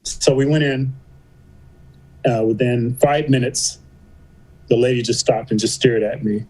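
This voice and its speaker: Animated middle-aged man telling a story. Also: mid-range voice, unhurried, poor audio. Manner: animated storyteller, acts out quoted dialogue, says "you know" and "I go" often. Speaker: podcast guest. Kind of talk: storytelling in a casual interview.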